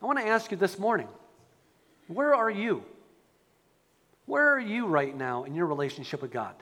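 A man preaching a sermon as a pastor, animated and acting out quoted prayers. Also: high voice, normal speed, in a large hall.

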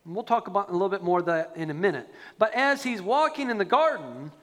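High, lively-voiced man preaching a sermon. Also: fast, in a large hall. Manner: animated, acts out quoted prayers. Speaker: pastor.

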